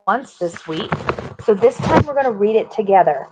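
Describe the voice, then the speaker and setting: A woman teacher leading an online reading lesson for young children, sounding out letters clearly and praising her readers. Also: medium pitch, expressive, moderate pace, over music. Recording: dull lo-fi recording.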